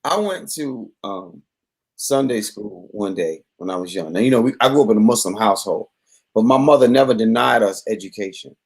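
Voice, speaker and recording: A man, a poet guest, telling a story in casual conversation, laughing and animated. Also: lowish voice, a little fast, husky.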